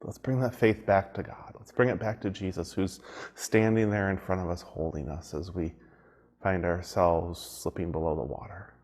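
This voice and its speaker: A man's voice: low voice, steady tone, moderate pace, a little mellow. A man as pastor giving a devotional sermon, reflective and conversational, repeating phrases for emphasis.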